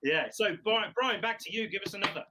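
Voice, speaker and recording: A man co-hosting a video call, making quick, brisk asides. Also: high voice, background noise. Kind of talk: casual chat on a video call.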